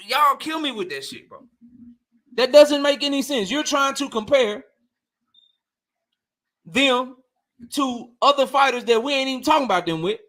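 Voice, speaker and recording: A young man hosts a casual livestream debate in a very high, sharp voice, getting heated and slangy, repeating himself and laughing often.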